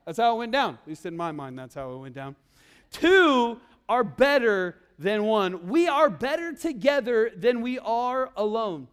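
High-voiced energetic young preacher man. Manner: energetic, call-and-response, repeats key lines slowly. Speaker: youth pastor. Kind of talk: sermon.

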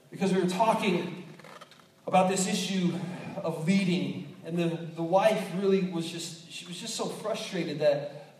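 A man's voice: fairly high pitch, slight background noise. A man preaching a sermon as a pastor, telling stories with acted quotes and frequent restarts. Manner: storytelling with lively acted quotes and many restarts. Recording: echoey hall, distant mic.

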